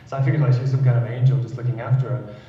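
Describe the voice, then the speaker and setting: A man's voice: mid-range voice, steady tone, very fast, dark tone, very echoey, distant mic, lo-fi sound, a little hiss or hum. A man, a panel guest, telling a personal story earnestly and repeating words as he goes.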